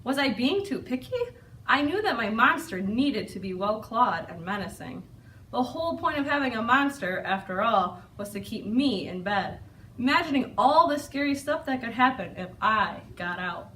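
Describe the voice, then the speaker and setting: A woman reading a children's picture book aloud, telling the story expressively and clearly. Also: on the high side, big pitch swings, normal speed, fairly bright tone, recorded from a distance, a little hiss or hum, poor audio.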